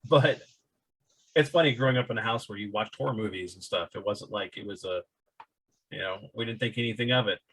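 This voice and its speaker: Husky podcast dude, jokey, laughing a lot while he talks. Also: on the low side, fairly quick, fairly bright tone, poor audio. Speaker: podcast co-host. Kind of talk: casual chat.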